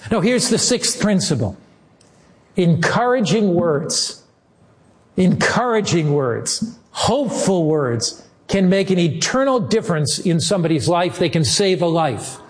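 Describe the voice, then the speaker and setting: Earnest, higher-voiced male pastor preaching. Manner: earnest, measured, with slow emphatic phrases. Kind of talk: sermon.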